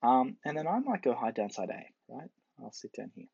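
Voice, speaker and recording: A man lectures in a relaxed, explanatory way and playfully acts out the characters he quotes. His voice is husky with a gravelly edge. The recording is dull and lo-fi, with a dry sound. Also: medium pitch, moderate pace, dry recording.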